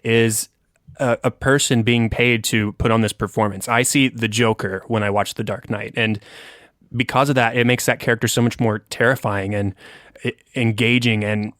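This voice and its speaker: An American man hosting a podcast, talking about a film in an earnest way that gets animated when he praises it. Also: medium pitch, moderate pace, no room sound, studio quality. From United States. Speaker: podcast host. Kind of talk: casual film discussion.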